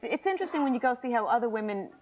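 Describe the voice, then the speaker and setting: A woman's voice: fairly high pitch, racing. A woman telling family stories in talk show chat, acting out relatives' voices. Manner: animated, acts out family members' voices. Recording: muffled old VHS tape with loud hiss.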